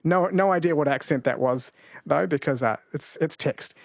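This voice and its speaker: A man hosting an overnight radio show, chatting in a relaxed way and reading out listener texts. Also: a little high, moderate pace, vocal fry, dry recording, studio quality. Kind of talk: late-night radio talk. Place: radio studio. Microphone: studio microphone.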